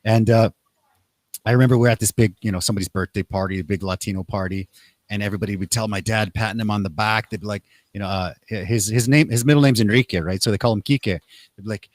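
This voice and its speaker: A man's voice: on the low side, expressive, a little fast, no echo, clean studio sound. A young man hosting a casual talk show, telling stories and acting out quotes in raised voices. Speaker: podcast host. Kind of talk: casual conversational storytelling.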